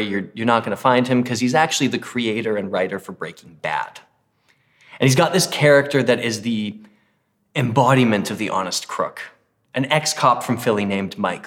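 Conversational male pastor preaching. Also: medium pitch. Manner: conversational, with emphatic scripture reading. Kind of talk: sermon.

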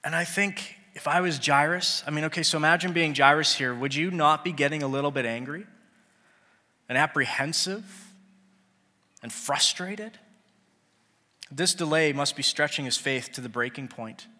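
A man's voice: a little high, normal speed, pushed and bright. A man preaching a sermon in an earnest, conversational way, sometimes acting out the people in the story. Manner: earnest, conversational, acts out biblical characters. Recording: long hall reverb.

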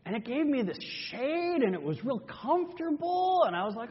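A male pastor preaches a dramatic first-person story in an expressive, storytelling manner. His husky, high-set voice swings widely in pitch. It carries a long sanctuary reverb on a muffled, dull recording. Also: normal speed, few pauses. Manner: expressive storytelling, exasperated and animated. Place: church sanctuary.

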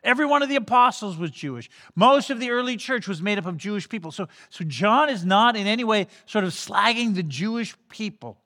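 A man's voice: high-pitched, expressive, a little fast, few pauses, sharp tone, long reverb tail. A man preaching a sermon in a conversational way, often restarting phrases and briefly acting out the people he quotes. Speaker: pastor.

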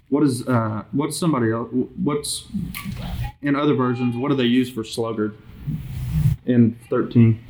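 A man's voice: medium pitch, fairly even intonation, a little mellow. Man leading a casual Bible study. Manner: conversational, halting, with frequent restarts and asides. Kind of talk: casual group Bible study, reading scripture aloud. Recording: noisy amateur recording with clicks.

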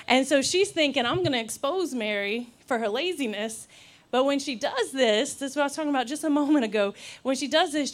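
A young woman preaching a sermon in a lively, laughing, storytelling way. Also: sits high. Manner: animated, laughs often, acts out quotes.

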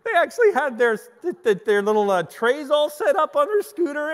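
A middle-aged man preaching a sermon, telling stories in an animated way and often restarting his sentences. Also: very high voice, moderate pace. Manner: animated storytelling with repeated restarts. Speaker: pastor. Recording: long hall reverb.

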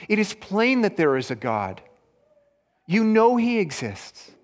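A man preaching a sermon as pastor, earnest and emphatic, swinging between loud stresses and hushed lines. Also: on the high side, long reverb tail.

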